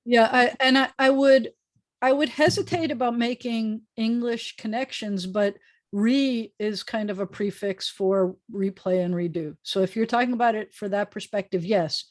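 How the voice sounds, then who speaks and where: A woman rabbi teaching a Hebrew class over a video call, explaining patiently and repeating words slowly. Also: on the high side. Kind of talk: online class lecture.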